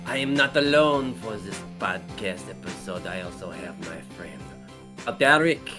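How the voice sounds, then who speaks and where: A man in his forties hosting a podcast, animated, joking and opinionated in casual chat. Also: lowish voice, measured pace, music in the background. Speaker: podcast host.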